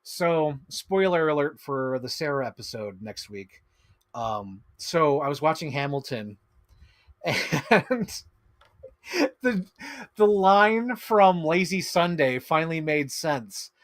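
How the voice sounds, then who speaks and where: Excitable rambling man hosting a stream. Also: on the high side, slow, no room sound. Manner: rambling and excitable, with bursts of laughter. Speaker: streamer host. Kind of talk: casual chat while unboxing collectibles.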